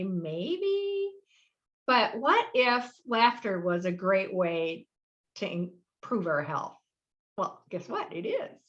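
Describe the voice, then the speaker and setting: A middle-aged woman teaches a live webinar, her voice bright and a little tense. She talks in a friendly, meandering way, full of ums and restarts. The audio is dull and lo-fi, as over a video call. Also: medium pitch. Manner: friendly, rambling, with fillers and laughs. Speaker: workshop host.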